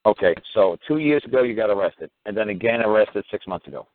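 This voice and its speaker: A man's voice: on the low side, expressive, fast. Blunt, profane male talk show host. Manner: blunt, profane and sarcastic, rising to ranting. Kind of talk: call-in radio show. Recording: tinny phone-line sound with faint noise.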